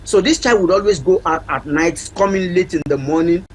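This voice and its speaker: A man's voice: high-pitched, a little fast, slight background noise, rough recording. A man with a Nigerian accent, a family counselor giving advice on a TV talk show, emphatic and repeating key points like a teacher.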